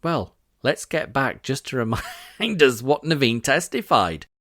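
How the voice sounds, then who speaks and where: A man's voice: medium pitch, very animated, unhurried, a bit bright, no room sound, clean studio sound. A man from Britain hosting a scripted podcast, reading out witness quotes with sarcastic, indignant asides. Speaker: podcast host.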